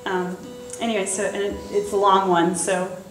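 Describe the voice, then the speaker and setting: A woman's voice: medium pitch, little pitch movement, moderate pace, soft background music. A young woman in her twenties chatting between songs at her recital, rambling and laughing at herself. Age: 20s. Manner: giggly, rambling, self-deprecating. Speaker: student performer introducing songs. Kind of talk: casual stage banter. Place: recital hall on stage. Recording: roomy live recital from far off.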